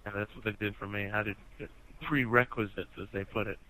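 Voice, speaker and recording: A man's voice: lowish voice, steady tone, brisk, noisy background. A man in casual chat with friends, a college student with an easygoing, teasing manner.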